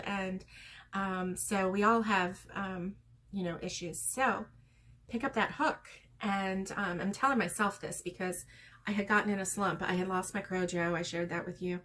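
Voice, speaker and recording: A middle-aged woman who vlogs about crochet chats casually with her viewers, rambling and heartfelt, with plenty of pauses and ums. Her voice is medium-pitched and a bit bright, with a little hiss or hum in the background.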